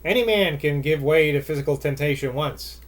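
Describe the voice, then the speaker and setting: A man's voice: fairly high pitch, moderate pace. Man reading a novel aloud, wry asides. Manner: wry, jokey asides between dramatic passages. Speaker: audiobook reader.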